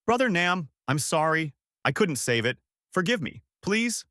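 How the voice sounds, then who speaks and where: A man voicing a grieving young woman who teaches in a village, pleading and shouting through tears. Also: mid-range voice, sing-song, moderate pace, dry recording, studio quality. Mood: anguished.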